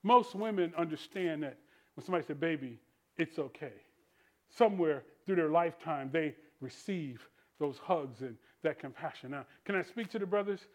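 A male pastor preaching a sermon in church, calling out to the congregation and swinging between hushed tender asides and shouted refrains. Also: a little high, moderate pace. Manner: preaching with call-and-response, rising to shouts; drops to soft tender voice for quoted lines.

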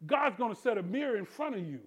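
A male pastor preaching a sermon in church, calling out to the congregation and swinging between hushed tender asides and shouted refrains. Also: sits high, big pitch swings, quick pace, slightly rough. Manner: preaching with call-and-response, rising to shouts; drops to soft tender voice for quoted lines.

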